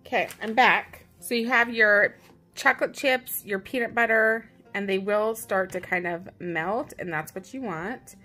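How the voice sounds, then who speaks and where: A woman at mid pitch talks brightly and casually, teasing herself as she walks viewers through a how-to. She is recorded in a home kitchen with faint music underneath. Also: unhurried. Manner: chatty, upbeat, self-teasing. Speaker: parent and vlog host.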